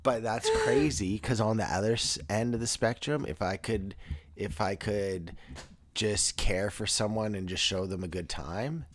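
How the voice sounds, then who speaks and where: A man co-hosting a casual podcast chat, joking and swearing, with sudden loud bursts of excitement. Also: fairly low pitch, a little slow, a little hiss or hum. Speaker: podcast co-host.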